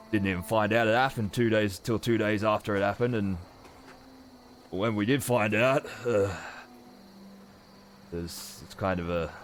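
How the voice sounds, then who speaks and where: A man voicing a blunt, weary male soldier veteran in a tabletop game, gruff and casual, trailing off as he speaks. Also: lowish voice, a little hiss or hum.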